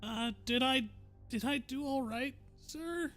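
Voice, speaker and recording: A man's voice: very high-pitched, slow, fairly bright tone, faint music behind, exaggerated voice. A man voicing a nervous, fawning forger who stammers and tries hard to please.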